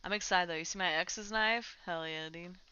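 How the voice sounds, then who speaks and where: A woman's voice: lowish voice, moderate pace, sharp tone, smooth. A woman streamer chatting casually while playing a game and talking to her cat. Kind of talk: casual chat while gaming. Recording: dull lo-fi mic.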